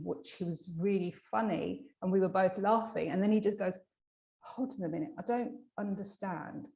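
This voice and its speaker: A woman hypnotherapist in a casual interview, telling a client story with lively acted-out quotes and frequent restarts. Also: medium pitch, vocal fry, lo-fi sound. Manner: animated, acts out quoted dialogue; many fillers and restarts. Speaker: hypnotherapist guest.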